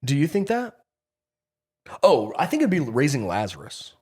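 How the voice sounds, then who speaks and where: A man, a pastor, in casual chat about a sermon, chatty and self-mocking, quick to laugh. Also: medium pitch, wildly swooping pitch, a little mellow, breathy edge. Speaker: pastor, podcast co-host.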